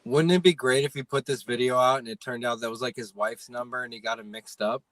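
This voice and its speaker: A man's voice: mid-range voice, steady tone, fast talker, a bit bright, slight background noise. A man co-hosting a podcast, making jokes and casual comments while reacting to a video. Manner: joking, mock-voices, laughing.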